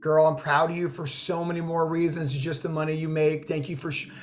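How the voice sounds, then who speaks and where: A man with a high voice hosts a video call interview. He gushes with praise, full of fillers and emphatic encouragement. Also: level tone, brisk, a little hiss or hum. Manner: effusive, gushing, filler "like" and "girl". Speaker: host, notary trainer. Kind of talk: emotional interview chat.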